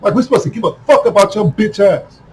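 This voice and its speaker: Man, very high pitch, heated profane monologue, repetitive, bursts of shouting, faint background hum. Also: lively intonation, fast, rough recording. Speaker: video commentator.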